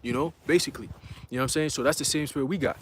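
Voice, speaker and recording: A man's voice: medium pitch, very fast, slight background noise. A young man giving a casual church testimony, slangy and full of "you know" fillers, acting out the voices in his story. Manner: excitable, acts out quoted voices.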